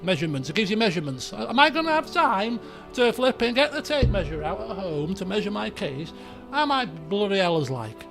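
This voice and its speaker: A man, hosting a game video and telling a rambling personal story in an animated way, full of restarts and asides. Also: high-pitched, fairly quick, gravelly, music in the background. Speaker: let's play host.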